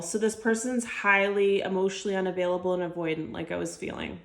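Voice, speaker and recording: A woman's voice: mid-range voice, brisk, few pauses. A woman giving an intuitive tarot reading to camera, chatty and heartfelt, full of filler words. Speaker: tarot reader. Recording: echoey room.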